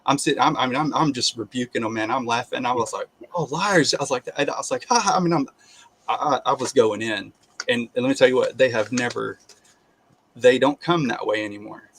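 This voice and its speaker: Man, mid-pitched, casual testimony, halting delivery with many restarts and animated bursts. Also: gravelly, a little hiss or hum. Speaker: guest sharing testimony.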